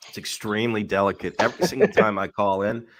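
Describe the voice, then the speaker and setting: A man's voice: fairly low pitch, fairly even intonation, fast talker, fairly bright tone. A man co-hosting a casual podcast chat, laughing often and mimicking other people's lines. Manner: laughing, imitates callers and hosts. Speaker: podcast co-host.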